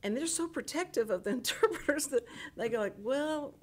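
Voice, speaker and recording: A woman's voice: a little high, brisk, a little hiss or hum. An older woman, hosting a casual radio interview and telling chatty stories full of restarts. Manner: chatty, animated storyteller with many restarts. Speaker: radio host.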